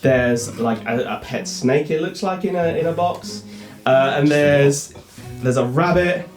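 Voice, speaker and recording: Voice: mid-range voice, measured pace. A game master, narrating a tabletop game in a giggly, rambling way. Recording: echoey room with music behind.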